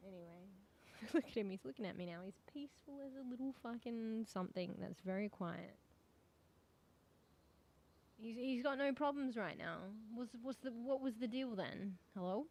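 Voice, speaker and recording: A woman's voice: on the high side, normal speed, pauses often, a little mellow. A young adult woman streaming a game, chatting casually in a rambling, sweary way with lots of fillers. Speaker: VTuber streamer. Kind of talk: casual gaming stream chat.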